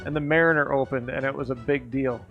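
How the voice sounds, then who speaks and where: A man's voice: mid-range voice, steady tone, fast talker, fairly bright tone, lo-fi sound, soft background music. Rambling, profane streamer man from Wisconsin. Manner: rambling, profane nostalgic storytelling. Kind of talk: casual stream chat. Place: home garage with a green screen.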